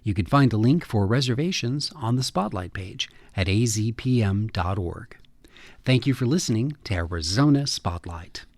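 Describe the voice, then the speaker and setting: A man, the host and producer of a radio arts program, reading scripted announcements in a measured, clear delivery. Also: fairly low pitch, expressive, darkish tone, no room sound.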